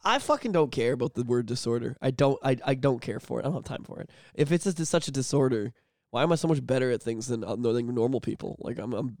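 A man co-hosting a podcast, talking candidly and swearing a lot, sometimes bursting into loud shouted bits. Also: mid-range voice, fast talker, no echo, studio quality. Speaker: podcast co-host. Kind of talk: candid casual chat.

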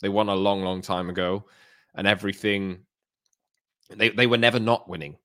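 Deep-voiced man, measured podcast talk. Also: fairly even intonation, a bit bright, no echo, clean studio sound. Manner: measured, with fillers and restarts. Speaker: podcast co-host. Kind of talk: casual football chat.

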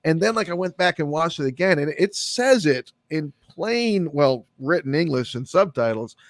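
A man's voice: on the high side, moderate pace, no echo. Man, casual chat, rambling, swears freely, dry close sound. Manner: animated, run-on sentences with lots of "like" and swearing. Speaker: podcast co-host discussing a film.

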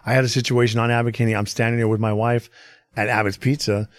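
A man's voice: medium pitch, level tone, fast talker, dry recording. A man on a podcast telling a story in a casual, rambling way, swearing often and leaning on filler phrases. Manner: profane, rambling, full of "you know what I mean". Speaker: podcast guest. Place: podcast studio.

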